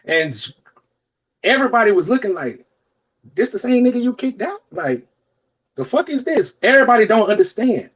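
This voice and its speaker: This young man co-hosts a podcast, spinning a long story in loose, profane conversation and voicing the other people's lines himself. He sounds animated, with a high-pitched, slightly breathy voice at normal speed, broken by long pauses.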